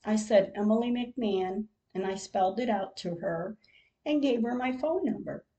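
An older woman hosting a podcast, reading out a personal diary-style account in a slow, measured way, with emotional moments. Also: mid-range voice, dark tone, highs cut off. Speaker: podcast host.

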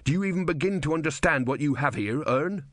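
A man's voice: on the high side, animated, fast, fairly bright tone, no echo, studio quality, pitched above the performer's own voice. A man doing a fervent, bitter young soldier. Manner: fervent, scornful.

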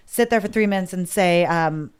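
A woman's voice: lowish voice, moderate pace, clean tone. A woman candidly recounting a hard personal experience in conversation, emotional and quoting herself and others as she talks.

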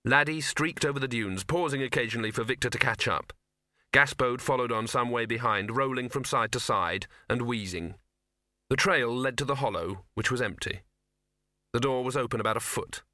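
Bright, dry male audiobook narrator. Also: medium pitch, normal speed, dry recording. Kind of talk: scripted narration.

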